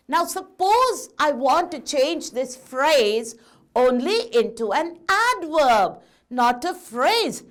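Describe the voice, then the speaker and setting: Slow, lively-pitched woman teaching grammar. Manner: slow and emphatic, with questions to students. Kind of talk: classroom grammar lesson.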